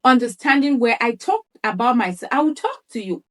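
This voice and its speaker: A woman's voice: fairly high pitch, big pitch swings, a little fast. A woman lifestyle coach giving a motivational talk, repeating her points for emphasis and acting out quotes. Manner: acts out others' words in quoted asides.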